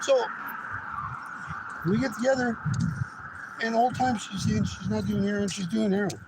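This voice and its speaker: A man's voice: high voice, moderate pace. A man telling a personal testimony in a rambling, profane, casual way, acting out the voices of people in his story. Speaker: guest sharing a testimony. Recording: noisy background.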